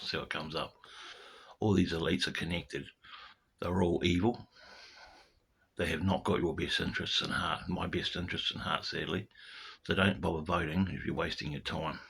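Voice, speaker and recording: A man's voice: deep voice, pushed and bright, breathy edge. A man talking straight to his viewers in a loose, ranting monologue, repeating words and firing off rhetorical questions. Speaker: vlogger. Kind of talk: casual spoken monologue to camera.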